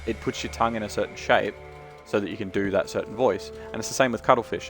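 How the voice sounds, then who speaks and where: A man's voice: fairly low pitch, quick pace, faint music behind. A man chatting casually on his game stream, sweary and talkative. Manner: chatty, sweary, talks about accents.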